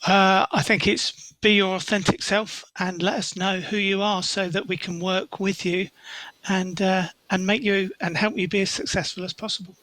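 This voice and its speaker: A man on an online panel, speaking in a measured way. His voice is high and bright with little melody. The sound is dry. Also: level tone, dry recording, poor audio. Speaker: panel guest. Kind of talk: casual advice on a panel.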